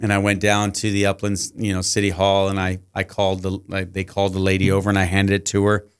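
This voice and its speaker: Middle-aged teacher guest, low smooth voice; chatty storyteller who plays out every exchange. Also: male voice, monotone, fast talker. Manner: long anecdotes, acting out quoted dialogue. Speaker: guest, high school teacher. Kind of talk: casual podcast storytelling.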